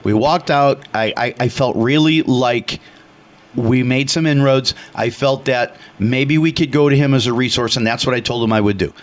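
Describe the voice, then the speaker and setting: A man from Chicago co-hosting a radio talk show, telling a story loudly and animatedly, with acted voices. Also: mid-range voice, normal speed. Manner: loud and animated; passionate, retells dialogue with acted voices. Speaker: radio co-host.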